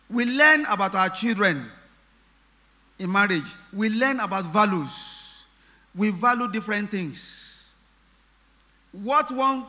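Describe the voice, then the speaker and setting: Male pastor, high bright voice, emphatic sermon with rhetorical questions. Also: in a large hall. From Nigeria.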